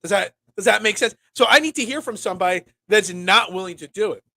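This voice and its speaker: A young man hosting a casual solo sports talk show, rambling and animated with lots of restarts. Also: high voice, quick pace, vocal fry.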